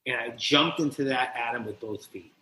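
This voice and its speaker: A male recovery mentor from New Jersey, guesting on a podcast, speaks at medium pitch and moderate pace in a forceful, bright voice. Telling his personal story in an interview, he is animated and profane, imitating the voices he quotes. Roomy echo fills the recording.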